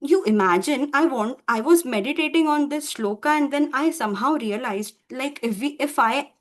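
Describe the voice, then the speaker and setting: A woman teacher telling a devotional story to children in an animated, stumbling way. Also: sits high, moderate pace. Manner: animated, many fillers and restarts.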